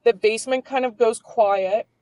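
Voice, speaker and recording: A woman's voice: fairly high pitch, fairly even intonation, normal speed, darkish tone, no room sound, low-quality recording. A woman in her twenties telling a personal story as a podcast guest, candid and swearing freely, with lots of filler words.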